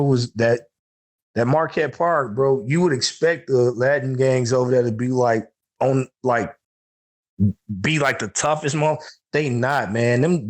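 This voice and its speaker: A man from Chicago co-hosting a podcast, telling profane, animated stories in casual chat. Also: mid-range voice. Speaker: podcast co-host.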